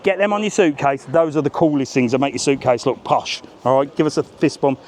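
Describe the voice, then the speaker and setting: A man's voice: mid-range voice, animated, brisk, darkish tone, slight background noise. A man hosting a live walking vlog outdoors on a seaside promenade, joking and bantering cheekily with passers-by. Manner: cheeky, jokey, banters with strangers. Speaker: travel vlogger host.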